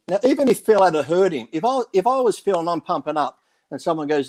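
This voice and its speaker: A man's voice: fairly high pitch, quick pace, darkish tone. A man on a podcast, a former bodybuilder, telling rambling backstage stories, swearing freely and acting out what others said. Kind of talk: casual chat, storytelling.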